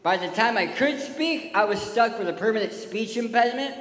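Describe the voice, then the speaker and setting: Man with a lisp, high voice. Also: expressive, fairly quick, fairly bright tone. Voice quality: lisp from tongue surgery. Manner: joking, storytelling, addresses kids. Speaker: touring speaker and singer. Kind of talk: comedic church talk. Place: church stage. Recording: echoey hall with live music.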